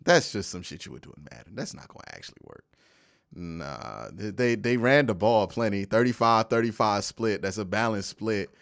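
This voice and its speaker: Young man, live-stream host, animated, argumentative, answers chat, lively pitch, dry close mic. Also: moderate pace, vocal fry, no room sound. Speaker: host of a live football post-game stream. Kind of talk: casual live-stream commentary.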